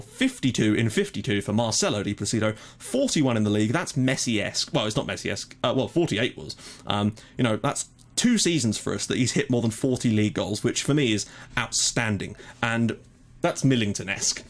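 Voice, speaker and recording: A young man casually commentating his own football management game, chatty, with frequent fillers and mock match calls. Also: on the low side. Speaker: gaming YouTuber. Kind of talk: casual let's-play commentary.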